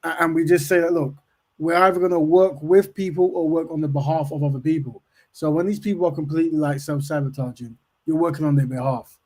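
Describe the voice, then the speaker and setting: A man's voice: a little high, fairly even intonation, quick pace, a little mellow. A man hosting a casual discussion who repeats words as he starts a point and often agrees with "of course".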